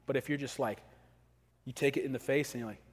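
A man preaching a sermon as pastor, talking casually and acting out quick everyday scenes. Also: medium pitch, fairly even intonation. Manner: conversational, acts out quick scenes. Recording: long hall reverb.

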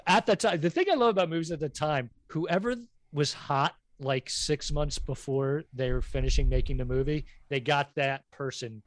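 A man's voice: on the high side, moderate pace, no room sound. A man hosting a casual podcast chat, joking and teasing his guests while sharing movie music trivia. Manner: jokey, teasing, trivia-loving. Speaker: podcast host.

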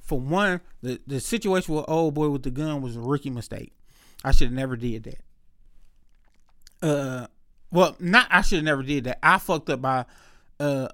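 A young man, telling a story in a casual rant, animated and profane, acting out both sides. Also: mid-range voice, no room sound, clean studio sound.

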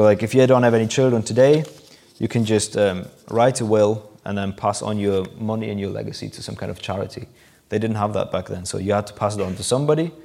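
A man with a fairly low voice preaches a sermon, walking listeners through a scripture passage. He explains in a conversational way and lifts his voice to act out the quoted lines. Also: vocal fry, darkish tone. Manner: explanatory, acts out quoted lines with rising emphasis.

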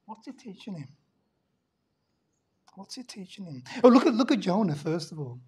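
Animated, dramatic woman preacher. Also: medium pitch, moderate pace, husky. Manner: animated, dramatic, swings from loud to hushed. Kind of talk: sermon.

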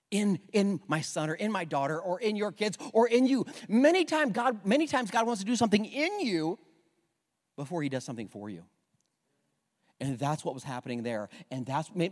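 Man, pastor, sermon, high voice, earnest, emotional, loud then hushed. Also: in a large hall. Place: church sanctuary.

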